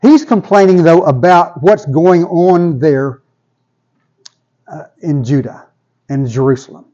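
A man's voice: on the high side, takes it slowly, dark tone, highs cut off. A man preaching a sermon in a conversational way, often repeating words as he builds toward a point. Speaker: pastor.

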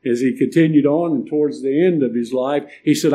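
An older man preaching a sermon, emphatic and building to loud, stressed points. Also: medium pitch, brisk, few pauses. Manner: emphatic preaching, swelling louder on key points.

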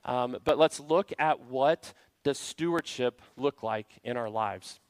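A man's voice: medium pitch, slow, smooth, no echo. Earnest preaching man, dry sound. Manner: earnest preaching with rhetorical questions. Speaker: pastor. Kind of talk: sermon. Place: church service.

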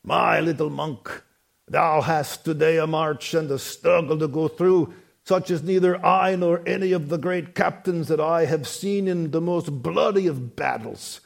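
A weathered old German army commander gives a solemn, rousing send-off in a heavy put-on accent, as a preacher acts him out. The voice sits a little high for a man, and the words come slowly and deliberately. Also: gravelly. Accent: put-on German-speaking accent.

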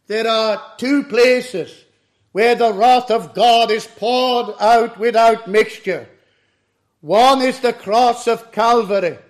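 A man preaching an expository sermon in a measured, solemn way. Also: very high voice. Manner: slow, measured, solemn doctrinal delivery.

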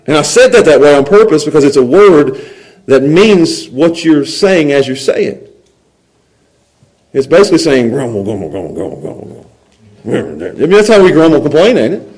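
A man's voice: on the high side, animated, a little slow, long pauses, a little mellow, poor audio. A middle-aged man preaching a sermon, acting out people's complaints in grumbling voices and chuckling as he goes.

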